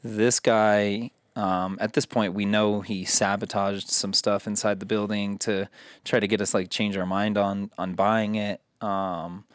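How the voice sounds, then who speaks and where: A man hosting a casual podcast, telling stories in an animated way and swearing freely. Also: on the low side, dry recording, clean studio sound. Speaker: podcast host.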